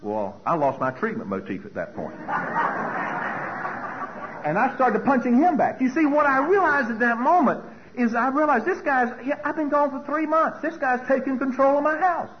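A man sharing his recovery story from a podium as a personal testimony, telling it in an animated way and acting out other people's voices. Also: extremely high pitch, moderate pace. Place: speaking at a podium. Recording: dull lo-fi recording with faint hiss.

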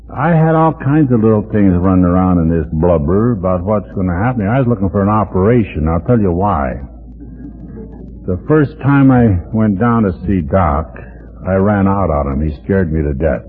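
Husky older man telling his story. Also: sits low, lively intonation, moderate pace, faint music behind. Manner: folksy, plain-spoken storytelling. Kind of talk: recorded personal talk to an audience. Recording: tinny old phone-like archival recording.

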